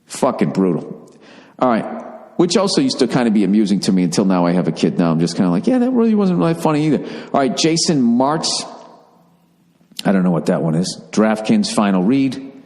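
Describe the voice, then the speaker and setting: A middle-aged man talks through a loose, profane podcast monologue, drifting from one story to the next as he reads out listener messages. His voice sits fairly low, and a long reverb trails after his words. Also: very animated, fairly quick, a little mellow. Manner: rambling, profane, reading listener requests aloud. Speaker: podcast host.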